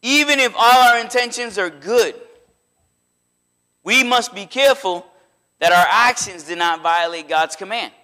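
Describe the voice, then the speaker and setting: A man preaching a sermon in a church, in a conversational, animated way that slips into acted quotes. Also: high voice, unhurried, long pauses. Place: church sanctuary.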